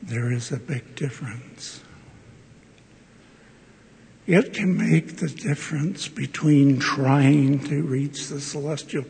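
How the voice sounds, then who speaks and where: An older man speaks slowly and earnestly, his voice gravelly as he tells a personal story. The sound carries the long reverb of a large auditorium. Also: medium pitch, a little mellow, a little hiss or hum. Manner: slow, earnest storytelling with emotional exclamations. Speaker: university professor giving a devotional address.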